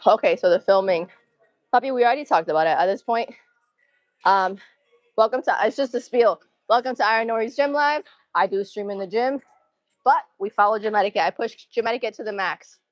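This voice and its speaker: A woman's voice: medium pitch, a little fast, dry recording. A young woman live-streaming her gym workout, a little out of breath, chatting casually and counting reps and form cues between sets. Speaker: fitness streamer.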